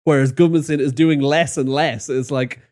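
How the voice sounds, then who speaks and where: A man co-hosting a football podcast in casual chat, laughing often and swearing in relaxed banter. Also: fairly high pitch, moderate pace. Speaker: podcast co-host.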